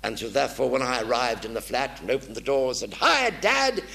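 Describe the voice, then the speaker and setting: An older man giving a lively storytelling talk to an audience in a theatre. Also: mid-range voice, fast talker, creaky, slightly rough. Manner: animated anecdotal delivery, voice swings from hushed to loud. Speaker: war veteran speaker. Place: theatre stage.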